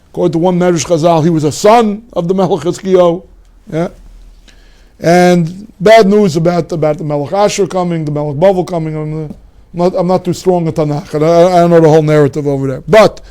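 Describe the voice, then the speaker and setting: A man's voice: sits high, a little mellow. A man, teaching a Torah lecture as a rabbi, emphatic and full of rhetorical questions.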